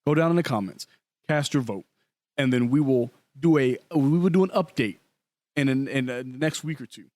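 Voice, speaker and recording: A man co-hosting a casual podcast, animated and talking over the others. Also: medium pitch, moderate pace, dry recording. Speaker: podcast co-host. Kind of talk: casual chat.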